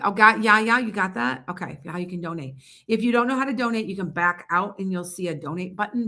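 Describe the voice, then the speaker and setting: A woman's voice: fairly low pitch, bright, forceful tone. A woman giving psychic readings on a casual livestream, chatting loosely and often losing her train of thought. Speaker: psychic reader.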